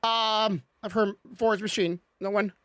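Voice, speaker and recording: A woman's voice: mid-range voice, fairly even intonation, unhurried, a bit bright, no room sound. Chatty woman stumbling through game text. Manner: chatty, stumbles reading aloud, self-mocking. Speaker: gaming streamer. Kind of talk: casual gameplay commentary.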